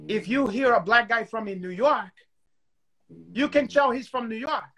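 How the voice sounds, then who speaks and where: A man's voice: very high voice, moderate pace, bright, forceful tone, low-quality recording. A man co-hosting a casual chat, curious and rambling, asking questions and swearing casually. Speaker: co-host.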